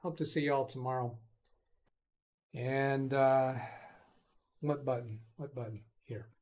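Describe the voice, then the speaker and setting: A man's voice: medium pitch, fairly even intonation, a little slow, darkish tone. A man hosting a casual live stream, rambling as he reads chat messages aloud and answers them. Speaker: host of a live tech stream.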